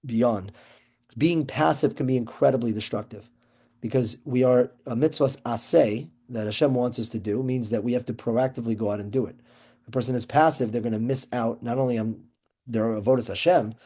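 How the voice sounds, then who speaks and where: A man's voice: medium pitch, warm tone. A man giving a casual Torah class, talking loosely with restarts and Hebrew terms mixed in. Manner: conversational, many restarts and fillers, Yeshivish Hebrew terms. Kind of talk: casual lecture on a Jewish ethics text.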